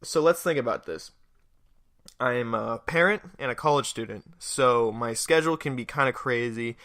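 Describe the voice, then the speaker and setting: A man's voice: medium pitch, moderate pace, fairly bright tone, no room sound, clean studio sound. A young man hosting his own podcast in a casual, rambling, self-deprecating way, with a stuffy nose. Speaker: podcast host. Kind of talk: casual solo podcast monologue.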